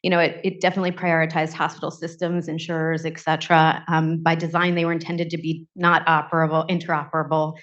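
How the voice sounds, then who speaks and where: A woman physician on a panel, speaking in an earnest, measured and cautionary way. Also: sits low, flat delivery, fairly bright tone, dull audio. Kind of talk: panel discussion.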